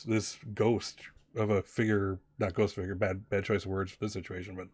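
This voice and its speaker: Acting as game master, a man whose voice sits on the low side rambles through the narration of a tabletop game, full of fillers and restarts. There's no room sound, and the audio is studio quality.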